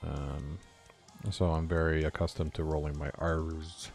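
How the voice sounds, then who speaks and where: A young man from California chatting casually with his viewers while he codes, quick to laugh. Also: a bass voice, flat delivery, gravelly, darkish tone, soft background music. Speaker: game developer streaming. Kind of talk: casual live-stream chat while coding.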